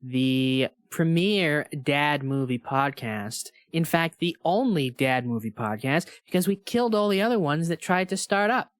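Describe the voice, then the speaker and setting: A man's voice: fairly high pitch, a little slow, few pauses, no room sound. Podcast co-host, man, wry reactions, dry close-miked sound. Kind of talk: casual podcast chat.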